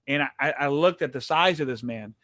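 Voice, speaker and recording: A man from the Detroit area telling lively, stammering stories as an interview guest. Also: medium pitch, brisk, no room sound. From Detroit area, USA. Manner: animated, excited, frequent stammered restarts. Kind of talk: casual storytelling.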